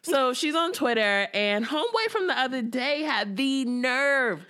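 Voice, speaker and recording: Animated, laughing woman co-host. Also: high voice, measured pace. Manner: animated, laughing, acts out quotes. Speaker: podcast co-host recapping a reality show. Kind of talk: casual chat.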